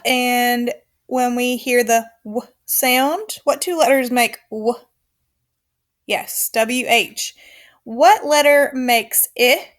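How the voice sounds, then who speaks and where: Woman teacher doing a phonics video for little kids, slow and clear, lots of "good job", a bit high-pitched. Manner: slow, clear, encouraging classroom instruction with counted call-and-response. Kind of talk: recorded phonics lesson for young children.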